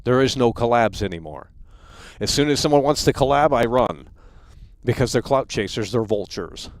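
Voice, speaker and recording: A man's voice: medium pitch, expressive, normal speed, no echo. A man in his thirties hosting a live stream, ranting in a heated, profane way and stumbling over repeated words. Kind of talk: angry livestream rant.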